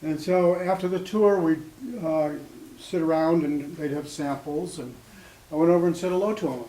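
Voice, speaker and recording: A man in his sixties telling personal stories to a small audience, in a halting, conversational way full of ums and restarts. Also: on the high side, steady tone, warm tone. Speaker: storyteller at an open mic. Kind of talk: spoken storytelling to a small audience. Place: small cafe gathering room. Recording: echoey room with faint ambience.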